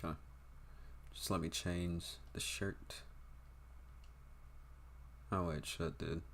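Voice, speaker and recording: A man's voice: low voice, fairly even intonation, slow, vocal fry, a bit bright, slight background noise. A young man streaming a game, chatting to viewers in a rambling, offhand and profane way. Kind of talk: casual livestream chat.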